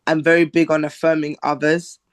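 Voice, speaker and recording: A woman from Zimbabwe, a singer talking as a podcast guest in a soft-spoken, reflective, halting way. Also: low-pitched, level tone, no room sound. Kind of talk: casual interview chat.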